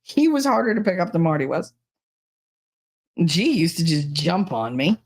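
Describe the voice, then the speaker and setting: A middle-aged woman co-hosting a podcast, telling stories in casual chat with a blunt, profane and animated manner. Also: fairly low pitch, moderate pace. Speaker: podcast co-host.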